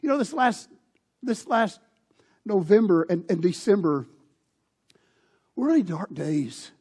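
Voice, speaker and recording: A middle-aged male pastor preaching a sermon, telling a personal story animatedly, swinging between loud outbursts and hushed lines. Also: high-pitched, sing-song, measured pace, slightly rough. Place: church sanctuary.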